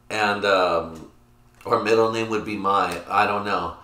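Swearing podcast host in an echoey room. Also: male voice, on the low side, fairly even intonation, measured pace, bright, forceful tone. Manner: rambling, swears a lot, laughs at his own jokes. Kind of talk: casual profane chat. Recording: roomy echo.

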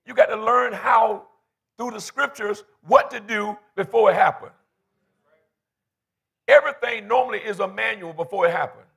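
A man's voice: sits high, normal speed, gravelly, long pauses, a bit bright, slightly rough. A man in his fifties preaching a fervent, folksy sermon in church, calling for responses from the congregation. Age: 50s. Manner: colloquial, folksy phrasing. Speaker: pastor.

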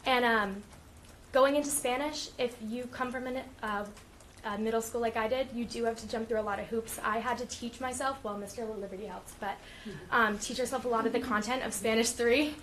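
A woman's voice: fairly high pitch, fairly even intonation, fairly quick, fairly bright tone, a little hiss or hum. A teenage girl giving an earnest prepared statement at a school committee meeting, with frequent ums. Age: teens. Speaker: student speaker at public comment.

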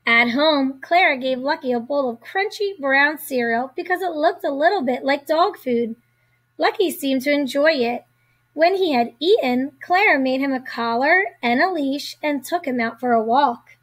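A woman reading a picture book aloud to children, with a gentle, deliberate storybook delivery. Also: high voice, lively intonation.

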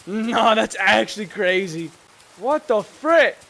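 A man with a worn, hoarse voice giving excitable, slangy gameplay commentary, yelling at scares and muttering between them. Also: sits high, slow pace. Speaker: gaming video creator.

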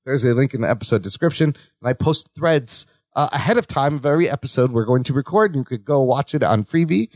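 A man co-hosting a podcast in casual chat, chiming in with quick agreeing remarks and talking straight to the listeners. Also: mid-range voice, lively intonation, no echo, studio quality. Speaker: podcast co-host. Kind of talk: casual chat recapping a sitcom episode.

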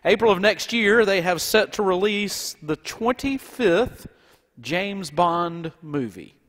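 A man's voice: high voice, animated, slow pace, fairly bright tone, in a large hall. A man with a Southern accent preaching a folksy, conversational sermon as pastor in a church. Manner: folksy and conversational, with many restarts. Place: church sanctuary.

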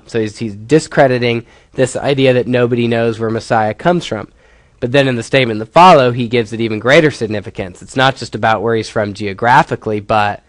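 A man's voice: medium pitch, fairly quick, no echo. A male professor giving a classroom lecture, explaining step by step and putting questions to his students.

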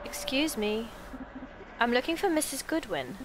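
A woman voicing an apologetic young male debt collector, reading his lines low and subdued. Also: expressive, measured pace, heavy background noise.

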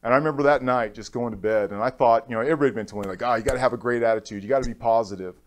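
A man speaks into a stage microphone at a conference, telling a personal story in an unpolished, heartfelt way. He restarts his sentences and acts out what other people said. His voice sits at an ordinary middle pitch for a man. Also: very fast. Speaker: keynote speaker.

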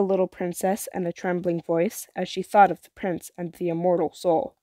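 A woman's voice: fairly low pitch, dry recording. Woman reading a fairytale aloud. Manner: measured, expressive storytelling. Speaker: storyteller.

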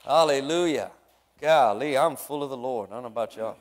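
A man's voice: mid-range voice, fairly quick, slight background noise. A man leading a church service, fervent and repetitive, calling hallelujah and amen to the congregation. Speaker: worship leader and drummer leading a church service. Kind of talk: lively church service exhortation and prayer. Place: church sanctuary.

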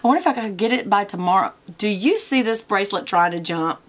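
Woman, mid-pitched, casual desk vlogger who rambles and chases tangents. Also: animated, quick pace. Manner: chatty, wanders off on tangents, many fillers. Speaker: product review vlogger. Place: at her desk.

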